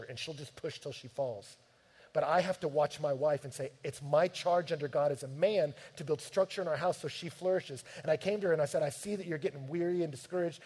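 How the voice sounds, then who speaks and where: A man preaching a sermon, telling stories from his home life in an animated, direct way. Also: on the high side, breathy edge. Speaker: pastor.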